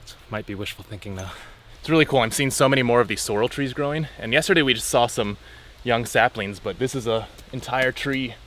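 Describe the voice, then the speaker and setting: A man's voice: medium pitch, fairly quick, a bit bright. A man on a forest hiking trail, chatting casually and explaining the plants he sees with enthusiasm, laughing often, recorded on a camera mic outdoors. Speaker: hiker identifying plants.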